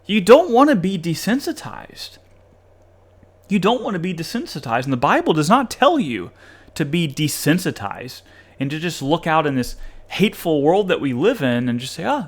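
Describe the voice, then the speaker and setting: A man hosting a podcast, reading passages aloud and commenting in an animated, sarcastic way with occasional laughs. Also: on the high side. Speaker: podcast host reviewing a study article.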